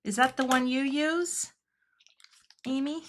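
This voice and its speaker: A woman's voice: sits high, fairly even intonation, slow, fairly bright tone, slight background noise. A woman hosting a live craft stream, chatting and thinking aloud as she works and thanking viewers in the chat. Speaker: craft livestream host.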